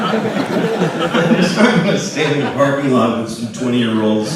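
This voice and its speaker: A man in his forties doing stand-up, telling a story and acting out voices, swinging from low mutters to shouts. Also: expressive, moderate pace, heavy background noise. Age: 40s. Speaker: stand-up comedian. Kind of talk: stand-up comedy. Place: large live venue. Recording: echoey live venue, distant mic, loud crowd. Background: laughing audience.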